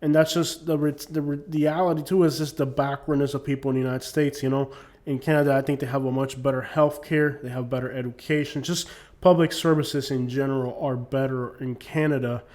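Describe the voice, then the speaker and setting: A man's voice: mid-range voice, steady tone, a little fast, darkish tone. A man talking casually to camera as a YouTuber, rambling with lots of fillers. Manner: rambling, many "you know what I'm saying" fillers. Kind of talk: casual opinion monologue.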